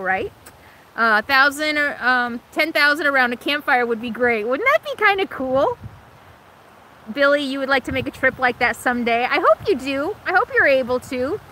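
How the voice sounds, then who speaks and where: A middle-aged woman with a high, bright voice chats through a livestream from inside her RV, answering viewer comments as they come. She laughs often and pokes fun at herself, and her sinuses are stuffed from allergies. A faint hum of vehicle noise sits behind her. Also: low-quality recording. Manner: chatty and self-deprecating, laughs often. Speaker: RV vlogger hosting a livestream. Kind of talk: casual livestream chat reading viewer comments. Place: in an RV in Alaska.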